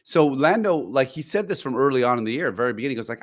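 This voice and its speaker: A man's voice: mid-range voice, animated, very fast. A man co-hosting a podcast, explaining things in a rambling way with lots of fillers and restarts. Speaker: podcast co-host. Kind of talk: casual chat.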